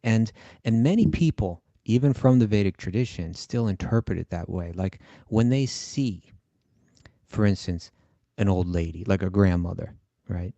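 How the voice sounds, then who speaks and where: A man's voice: deep voice, dark tone, no room sound, lo-fi sound. A man hosting a casual spiritual discussion, explaining ideas thoughtfully with frequent restarts. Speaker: podcast host and teacher.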